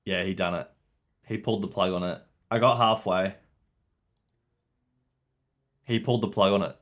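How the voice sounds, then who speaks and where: Low-voiced man chatting on stream. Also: fairly even intonation, moderate pace. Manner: chatty, swears, laughs often, talks to chat. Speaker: game streamer. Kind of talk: casual livestream commentary.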